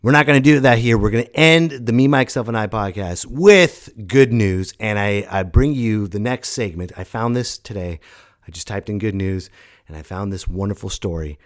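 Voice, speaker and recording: A man in his thirties hosting his own podcast, talking loudly and casually in a rambling, jokey way with sudden shouted bits. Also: fairly low pitch, normal speed. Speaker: podcast host. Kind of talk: casual solo podcast monologue.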